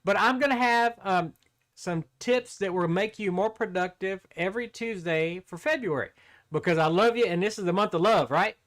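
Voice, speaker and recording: A man's voice: high-pitched, moderate pace, fairly bright tone. Folksy, rambling male tech-tips host. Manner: folksy, rambling, joke-telling, apologetic. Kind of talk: casual talking-head vlog.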